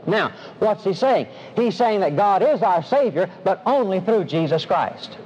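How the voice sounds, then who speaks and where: A man preaching a sermon, emphatic, slowing down and stressing his key phrases. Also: sits high, darkish tone. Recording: dull lo-fi sermon recording with faint hiss.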